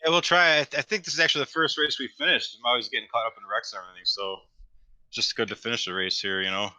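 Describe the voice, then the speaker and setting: A man who is a sim racing driver, answering post-race questions modestly and haltingly, full of "you know" fillers. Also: medium pitch, fairly even intonation, pushed and bright, dry recording.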